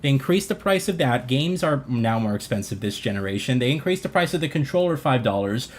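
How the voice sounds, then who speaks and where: A man's voice: mid-range voice, lively intonation, fairly quick. A man hosting a livestream, ranting in an exasperated, sarcastic way, swearing and restarting his sentences while answering chat. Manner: reads chat comments aloud and answers them. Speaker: livestream host reacting to a console reveal. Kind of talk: casual livestream rant.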